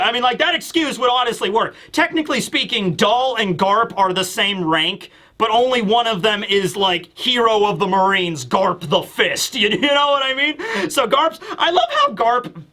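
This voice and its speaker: A high, bright man's voice with a sharp edge runs through this casual manga review. He is from the United States and talks in a lively, rambling way, full of "like" and quick laughs. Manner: animated, laughs often, lots of filler words. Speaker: host.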